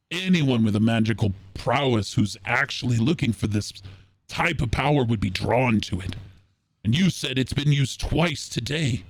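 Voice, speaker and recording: A man, the dungeon master, playing a cautious, secretive spy master who speaks in measured, weary tones. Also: medium pitch, dry recording. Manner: measured, grave, weary sighs. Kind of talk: tabletop role-play voice acting.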